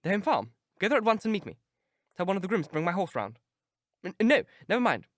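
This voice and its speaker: A man's voice: sing-song, quick pace, fairly bright tone, no room sound. A man voicing an anxious, imperious young aristocrat in a dry audiobook reading, with his voice raised above his own. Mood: alarmed, urgent. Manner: raised pitch, urgent and clipped.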